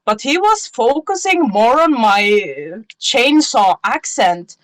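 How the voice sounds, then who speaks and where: Slow-talking woman with a background. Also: sits high, sing-song, a bit bright. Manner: chatty, storytelling. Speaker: guest. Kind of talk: casual interview chat.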